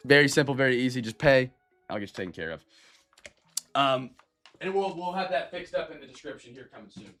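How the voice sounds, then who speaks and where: A man's voice: mid-range voice, fairly bright tone, faint music behind. Upbeat man hosting a live card break. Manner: upbeat, chatty, greets viewers by name, drawn-out hype calls. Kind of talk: live stream chat with viewers.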